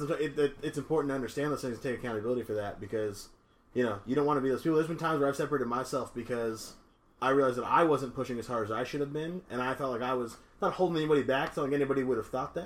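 Man, quick casual podcast chat, lots of fillers. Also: mid-range voice, a bit bright. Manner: fast, filler-heavy, frequent "you know what I mean". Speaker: podcast co-host.

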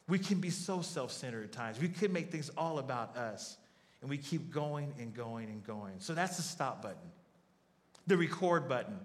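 A man's voice: fairly high pitch, a bit bright. Man preaching in a reverberant hall. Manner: earnest, repeats key phrases for emphasis. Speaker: pastor. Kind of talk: sermon.

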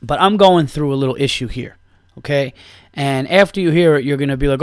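A man in a casual podcast monologue, rambling and swearing freely as he tells a story, circling back and restarting his sentences. His pitch sits right in the middle for a man. The sound is close and dry, with no room around it. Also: steady tone, a little fast, dry recording. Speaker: podcast host and stand-up comedian.

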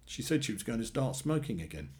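A man's voice: mid-range voice, sing-song, fast talker, a little mellow, close to an everyday voice. A man voicing an angry young man in his twenties who swears bluntly and bitterly about his father.

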